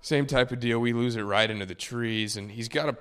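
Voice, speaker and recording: A man, a tour caddie, telling a story in a relaxed, rambling way and correcting himself as he goes. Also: medium pitch, a little fast, clear, resonant tone. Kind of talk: casual storytelling.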